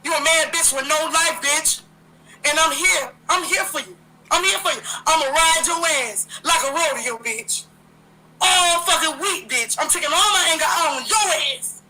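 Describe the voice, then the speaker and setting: Woman host, very high bright voice, fiery profane livestream rant. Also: moderate pace, slight background noise, poor audio. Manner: profane, confrontational, repetitive.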